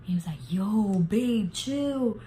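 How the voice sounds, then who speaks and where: A young woman vlogger speaks slowly in a mid-range voice, recounting a casual storytime. The recording is low quality with a little hiss or hum. She stays animated throughout, leans hard on fillers, and swears freely.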